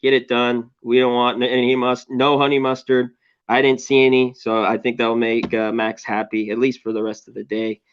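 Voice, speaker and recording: A man hosting a sports betting show, chatting loosely and joking, with a voice going hoarse. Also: mid-range voice, little pitch movement, moderate pace, lo-fi sound, a little hiss or hum. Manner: loose, joking, lots of shout-outs. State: losing his voice. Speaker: sports betting podcast host. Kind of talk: casual sports betting chat.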